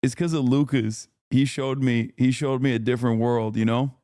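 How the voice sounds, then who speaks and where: A man's voice: mid-range voice, steady tone, normal speed, mellow, no echo, clean studio sound. A man streaming from home, chatting casually with his viewers in a brash, profane way and laughing often. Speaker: streamer reacting to a video. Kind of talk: casual live-stream chat.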